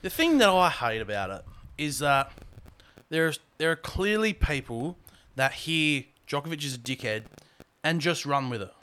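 A man's voice: on the high side, lively intonation, moderate pace, bright, forceful tone, smooth. A young man with an Australian accent co-hosting a podcast, ranting casually and swearing freely. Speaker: podcast co-host.

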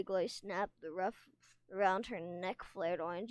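A woman's voice: mid-range voice, unhurried, no room sound. Woman reading a novel aloud. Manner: steady reading with small stumbles. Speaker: reader.

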